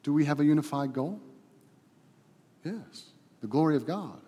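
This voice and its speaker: A man preaching a sermon as pastor, swinging between loud emphatic passages and quiet, hushed ones. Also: on the high side, expressive, normal speed, breathy edge. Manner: builds to loud emphatic preaching, then drops to a hushed prayer. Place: church hall. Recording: long hall reverb.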